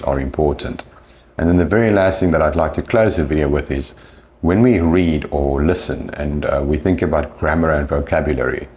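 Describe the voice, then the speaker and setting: A man, an English teacher, explaining pronunciation patiently and slowing down to demonstrate sounds. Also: very deep voice, darkish tone.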